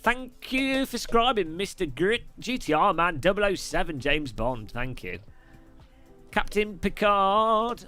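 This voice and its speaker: A man's voice: a little high, expressive, normal speed, few pauses, sharp tone, faint music behind. A man from the UK hosting a live stream, answering questions while racing, with joking, irreverent chatter.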